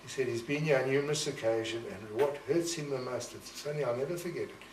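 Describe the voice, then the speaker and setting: A man's voice: mid-range voice, quick pace. An older man from Rhodesia, reflectively telling family stories in an oral history interview. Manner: reflective, storytelling, acts out family quotes. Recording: roomy echo, distant mic, faint noise.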